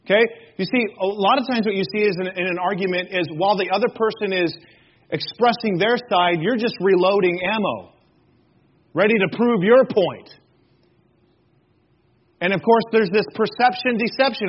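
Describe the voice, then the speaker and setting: A pastor with a high-pitched voice preaches to his congregation at a moderate pace, joking and acting out little scenes in different voices and often putting questions to the room. The recording's highs are cut off, with slight background noise.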